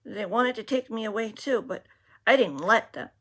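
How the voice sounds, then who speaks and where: A woman's voice: fairly high pitch, lively intonation, moderate pace, voice pushed up. A woman voicing a wary, stubborn little boy lost in the woods, reading a storybook aloud. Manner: wary, guarded.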